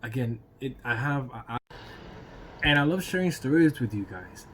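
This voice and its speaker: A man's voice: mid-range voice, animated, normal speed. A man with an ordinary mid-range voice rambles through a storytime vlog in a loose, chatty way. He laughs between lines, swears casually and keeps checking in with "right?" and "you know". A faint hiss sits under the recording. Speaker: YouTube storyteller.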